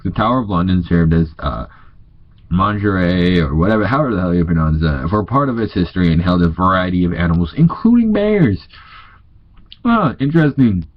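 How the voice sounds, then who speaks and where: Reading ghost stories aloud with casual asides, this tired young North Dakotan has a stuffy nose and keeps stumbling and fixing his words. His voice sits low, and the recording is dull.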